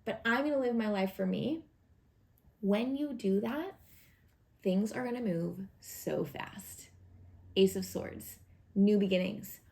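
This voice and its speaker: A woman's voice: medium pitch, slow pace, vocal fry, long pauses. A woman giving a casual weekly tarot reading, talking in an encouraging, chatty way with lots of fillers. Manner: warm encouraging, chatty with many fillers and acted asides. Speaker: tarot reader.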